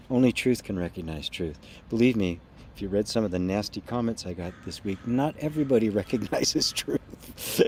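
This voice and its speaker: A man hosting a live spiritual satsang, speaking slowly and softly, trailing into quiet tones and reading out viewer comments. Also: lowish voice, slight background noise. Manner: slow, soft and reflective, often trailing off quietly with gentle laughs. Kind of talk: live-stream talk answering chat comments.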